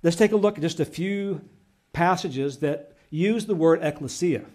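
Guy pastor w a high voice, preaching, gets all fired up and emphatic. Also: moderate pace. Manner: earnest, growing excited and emphatic. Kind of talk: sermon.

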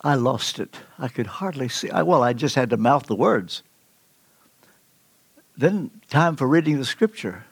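An older man preaching a sermon, telling stories with emphatic swings in pitch. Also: expressive, unhurried, husky, no room sound. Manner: storytelling, emphatic with sudden pitch leaps.

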